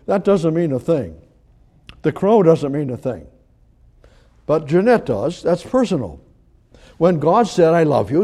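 An older man preaching a conversational sermon, swinging between emphatic rises and quiet, low asides. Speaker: pastor.

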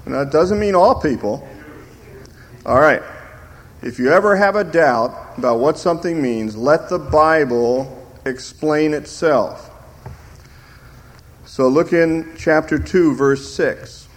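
An older man preaching a sermon as pastor, slow and emphatic, lifting his voice when he quotes scripture. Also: on the high side.

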